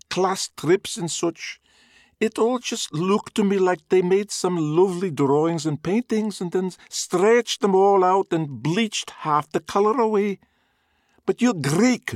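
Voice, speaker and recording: Male narrator doing a shrill old Glaswegian mum, dismissive and distant. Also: dry recording, clean studio sound. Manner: dismissive, chattering. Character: shrill older Glaswegian woman, unimpressed mother.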